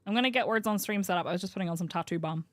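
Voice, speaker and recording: A woman's voice: on the low side, rapid-fire, no echo, studio quality. Chatty Northern Irish woman streamer. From Northern Ireland. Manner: chatty, rambling, laughs often. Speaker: variety streamer. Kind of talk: casual live-stream commentary.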